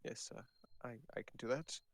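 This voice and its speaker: A man playing his character in a tabletop game over a voice call, speaking in a hesitant, mock-formal way full of pauses. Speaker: player voicing his character. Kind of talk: in-character tabletop role-play.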